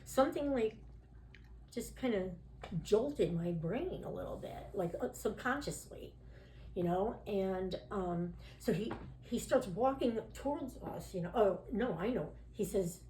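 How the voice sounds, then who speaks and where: A woman sits for an interview and tells her story in a loose, candid way, stacking up "you know" and "like" and slipping into the voices of the people she quotes. Her voice sits in a middle pitch. The room around her gives a noticeable echo. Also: animated, unhurried, a little mellow, a little hiss or hum. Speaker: podcast guest telling her recovery story. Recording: roomy echo.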